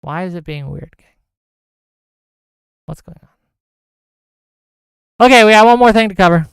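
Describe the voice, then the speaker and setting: A man's voice: sits high, animated, moderate pace, creaky, clear, resonant tone, dry recording, clean studio sound. A man hosting a solo livestream, ranting heatedly about news and reading viewer chat aloud. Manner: reads chat comments aloud. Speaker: host.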